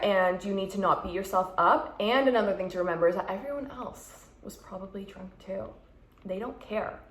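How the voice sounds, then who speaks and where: A young woman vlogger giving frank, chatty advice and acting out quoted thoughts. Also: mid-range voice. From Canada. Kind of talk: casual advice chat. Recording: roomy echo.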